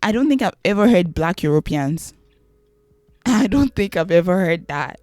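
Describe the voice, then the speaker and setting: A woman's voice: lowish voice, animated, a little slow, darkish tone, no room sound, faint music behind. A young woman vlogging her opinions, exasperated and rhetorical, repeating her questions for emphasis. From Nigeria. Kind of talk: opinionated commentary to camera.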